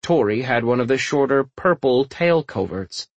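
A man narrating a fantasy audiobook with lively, expressive storytelling. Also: mid-range voice, moderate pace, no room sound, lo-fi sound. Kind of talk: scripted narration.

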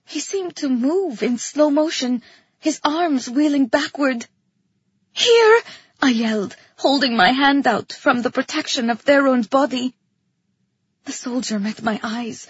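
A woman with a high, breathy voice reads a first-person fantasy story with dramatic, expressive delivery. The sound is dry and close, with a dull, lo-fi recording quality. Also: dry recording. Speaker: audiobook narrator.

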